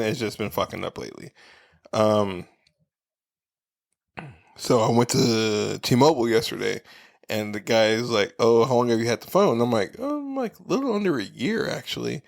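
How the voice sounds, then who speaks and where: A man co-hosting a podcast, telling a story in casual, profane chat and acting out the people he quotes with animated, shifting voices. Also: mid-range voice, vocal fry. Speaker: podcast co-host.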